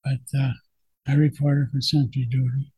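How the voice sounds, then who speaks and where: A man's voice: medium pitch, little pitch movement, moderate pace, mellow, a little hiss or hum, low-quality recording. An older man, a veteran, reflectively recalling his wartime service in a plainspoken oral history telling.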